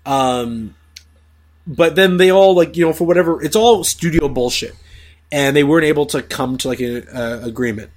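A man hosting a casual chat about movies, swearing freely and giving animated opinions. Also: on the high side, moderate pace. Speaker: podcast host.

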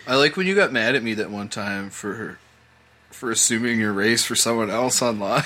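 A man's voice: lowish voice, normal speed, pushed and bright. A man in casual podcast banter, teasing his friends and laughing, swearing freely.

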